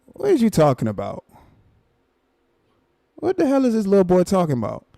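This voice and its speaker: A man with a gravelly, mellow voice reacts on a live stream, repeating himself in exasperated disbelief. His sound is dry and close, with no room around it. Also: high-pitched, wildly swooping pitch, normal speed, no room sound. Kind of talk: casual reaction commentary.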